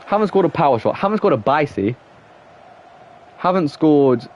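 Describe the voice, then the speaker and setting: A man's voice: on the high side, expressive, moderate pace, darkish tone, a little hiss or hum. A young man with an English accent chatting casually while playing a football game on a live stream, rambling and reacting to the match. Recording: dull, muffled sound.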